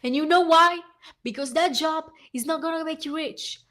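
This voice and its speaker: High-pitched woman ranting angrily. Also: normal speed, a bit bright. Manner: heated, profane, ranting while reading aloud. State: hoarse. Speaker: vlogger. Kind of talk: angry reaction rant.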